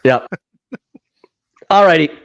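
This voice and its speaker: A man's voice: a little high, extremely slow, gravelly, muffled recording. A man co-hosting a casual podcast chat. He laughs a lot, swears freely and acts out movie scenes as he retells them. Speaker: podcast co-host.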